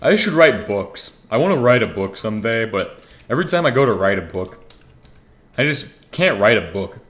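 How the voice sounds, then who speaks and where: A man's voice: lowish voice, expressive, fairly quick, fairly bright tone. A young man casually talking to himself while playing a game, rambling and swearing freely, with keyboard typing behind him. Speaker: gaming streamer. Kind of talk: casual gameplay commentary.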